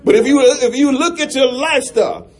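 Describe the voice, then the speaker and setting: Pastor, male, very high voice, preaching with shouts and chuckles. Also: brisk, slightly rough. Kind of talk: sermon.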